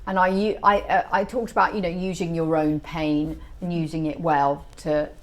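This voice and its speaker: Lively, chatty middle-aged woman author. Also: on the low side, normal speed. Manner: animated, chatty storytelling. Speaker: author guest. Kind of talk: casual interview chat.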